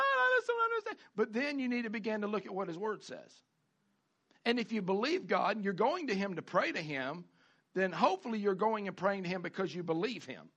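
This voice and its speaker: A male pastor delivering a sermon with a high, bright voice and a gravelly edge. He talks fervently, circling back to key phrases and pressing them home. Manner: preaching with rising fervor, animated, repeats phrases.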